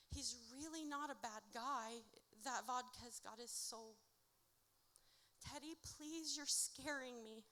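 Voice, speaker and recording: A woman performing her own spoken-word poetry at a live event, with a rhythmic, dramatic delivery that swings from hushed to loud. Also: on the high side, lively intonation, a little slow. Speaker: author reading her own work. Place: indoor music venue at a live event. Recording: reverberant live venue recording.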